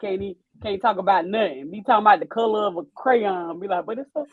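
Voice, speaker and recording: A woman's voice: medium pitch, quick pace, no room sound, phone-quality sound. A woman, co-hosting a casual livestream chat and reading viewer comments aloud with lots of laughter.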